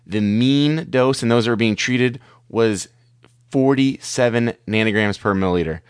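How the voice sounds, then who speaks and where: A man's voice: mid-range voice, moderate pace, smooth, no room sound, studio quality. A man hosting a medical podcast, talking through research papers in a conversational, wry and skeptical way. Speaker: podcast host. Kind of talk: casual medical podcast commentary.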